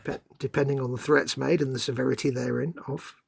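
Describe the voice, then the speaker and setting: A man's voice: mid-range voice, flat delivery, brisk, vocal fry, background noise. A sniffly man, co-hosting a live model-building stream, teasing his partner and reading out viewer comments. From England. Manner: teasing, playful banter, reads out viewer comments. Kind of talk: casual chat while building a model kit.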